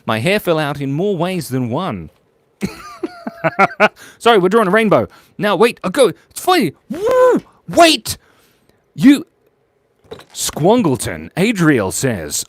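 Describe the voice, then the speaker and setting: A man live-streaming while drawing, chatting playfully, muttering quietly as he works and jumping to squeaky, excited highs. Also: slow pace, pauses often, no echo. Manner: playful, jumps to squeaky high bursts of excitement.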